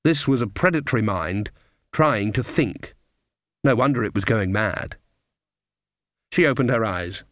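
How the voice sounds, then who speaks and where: A man narrating an audiobook in a measured, deliberate storytelling manner. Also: lowish voice, expressive, a bit bright, no echo, clean studio sound.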